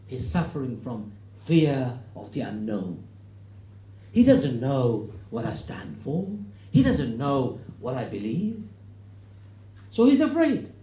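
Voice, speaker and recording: Animated man telling a story in an echoey hall. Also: mid-range voice, takes it slowly. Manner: animated storyteller, acts out quoted voices, rising to loud emphatic points. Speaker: speaker giving a talk to an audience. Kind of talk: storytelling public talk. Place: hall with an audience.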